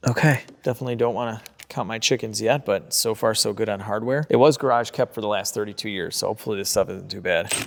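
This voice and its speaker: A young man filming a casual vlog in his garage workshop, chatting excitedly and joking while he works on a car with his tools. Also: fairly low pitch, fast, vocal fry, few pauses. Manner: chatty, excitable, jokey asides while working. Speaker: car restoration YouTuber.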